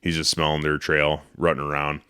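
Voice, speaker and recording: A man's voice: rumbling low, brisk, clear, resonant tone. A man hosting a podcast, telling a story casually and animatedly, swearing and acting out what he said. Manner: animated, profane, acts out his own quotes. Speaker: podcast host.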